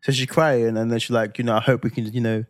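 A man, telling a personal story on a podcast in an animated, dramatic way with slang tags. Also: medium pitch, fast, no room sound, studio quality. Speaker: podcast co-host. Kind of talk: casual storytelling chat.

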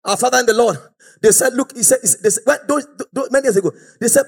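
A man preaching a fiery, exhorting sermon and often shouting out to the congregation. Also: very high voice, animated, fast, vocal fry, breathy edge.

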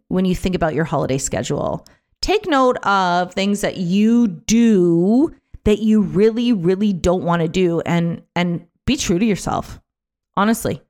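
A woman talking casually on her own podcast, chatty and animated, with many fillers and restarts, sometimes acting out other people's voices. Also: on the low side. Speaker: podcast host. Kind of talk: casual solo podcast talk.

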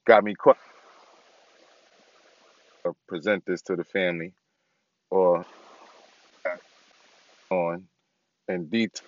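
A man's voice: low voice, steady tone, takes it slowly, pauses often, dull audio. Laid-back man vlogging from his car. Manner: laid-back, rambling with many ums. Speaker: podcast host. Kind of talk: casual vlog update. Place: inside a parked car.

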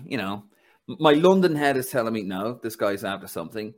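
A man with a Dublin Irish accent hosting a casual football podcast, telling stories with laughter and a chatty, animated manner. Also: medium pitch, fairly quick. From Ireland. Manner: chatty storyteller, laughs through anecdotes. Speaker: podcast host.

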